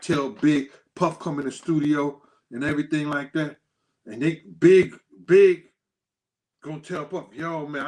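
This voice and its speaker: Man telling animated stories, high voice. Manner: animated storytelling, acts out quotes in a raised voice; thanks viewers by name. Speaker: host. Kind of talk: casual storytelling livestream.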